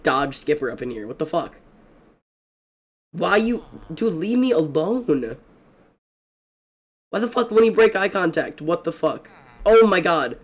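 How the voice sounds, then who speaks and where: A young man streaming a game, telling stories in a fast, rambling, excitable way, swearing often. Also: on the high side. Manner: excitable and profane, fast rambling storytelling with many fillers. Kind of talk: casual gaming stream chat.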